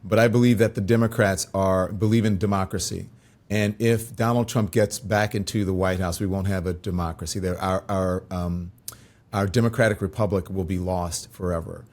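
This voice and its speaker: Low-voiced earnest male host. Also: fairly even intonation, moderate pace, a little mellow. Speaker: show host. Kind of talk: interview conversation.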